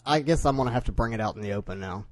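A man's voice: mid-range voice, no room sound. A man with a Southern US accent, co-hosting a casual chat show and trading jokes. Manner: joking, teasing, quick banter. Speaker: podcast co-host.

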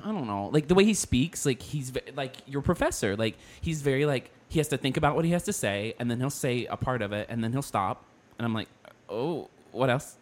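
A man on a casual podcast, telling stories in an animated way and laughing often. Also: mid-range voice, a little fast. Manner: animated storyteller, laughs often, imitates a date's speech. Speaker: co-host. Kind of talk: casual podcast chat, storytelling.

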